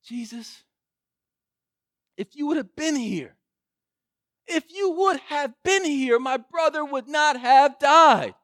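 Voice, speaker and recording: Man putting on Martha, fretful pleading woman, high-pitched voice, exasperated, dry close sound. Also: animated, normal speed, dry recording.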